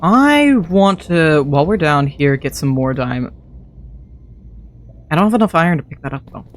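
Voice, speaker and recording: A man with a fairly high voice streams a modded game and talks to himself the whole time. His commentary is casual and chatty, and he thinks aloud as he plays. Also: expressive, normal speed.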